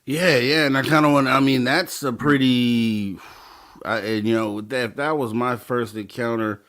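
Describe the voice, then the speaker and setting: A man hosting a podcast interview, asking halting questions full of fillers. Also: medium pitch, steady tone, a bit bright. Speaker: podcast host. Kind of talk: casual interview chat.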